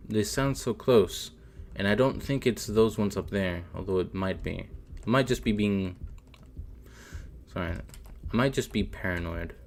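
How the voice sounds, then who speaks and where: A man's voice: on the low side, a little slow, a little mellow, a little hiss or hum. A man streaming a video game, muttering casual commentary to himself, jumpy and nervy as he plays. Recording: faint game music behind.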